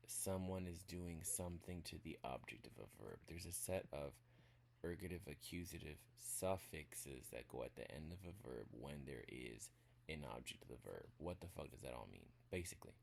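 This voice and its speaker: Low gravelly man teaching slowly. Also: slight background noise. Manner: relaxed, talks through examples step by step with occasional swearing. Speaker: language teacher. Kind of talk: casual spoken lesson.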